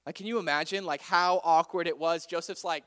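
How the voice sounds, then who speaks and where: A man's voice: a little high, fairly even intonation, brisk, fairly bright tone, smooth. A young man retelling a Bible story in a chatty, playful way, often saying "like".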